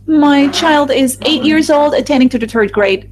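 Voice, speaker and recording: A woman voices a group discussion as a live interpreter, her voice sitting a little high. She speaks haltingly, breaking off and restarting her phrases. Soft music plays faintly behind her. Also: low-quality recording. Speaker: voice-over interpreter for a focus group.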